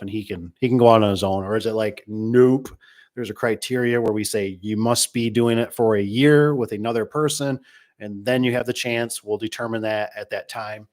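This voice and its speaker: A man's voice: on the low side, darkish tone. A middle-aged man who owns a garage door company, talking casually in a rambling way and acting out the people he quotes. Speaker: garage door business owner. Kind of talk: casual monologue reading comments.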